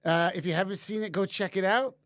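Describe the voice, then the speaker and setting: A man's voice: high voice, brisk, a bit bright, no echo, studio quality. A man in his forties hosting a live-stream Q&A from a basement, talking casually and rambling with lots of fillers and restarts.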